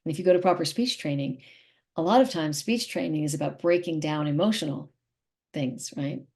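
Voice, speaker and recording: Middle-aged actress chatting in an interview, lowish voice, really emphatic and opinionated. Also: female voice, a little fast, a little mellow. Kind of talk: casual interview chat.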